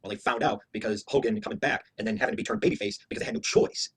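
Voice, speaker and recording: A man's voice: medium pitch, very animated, racing, vocal fry, fairly bright tone, husky. A man giving a heated, profane, opinionated review rant as a wrestling show reviewer, hammering his points with emphatic repetition.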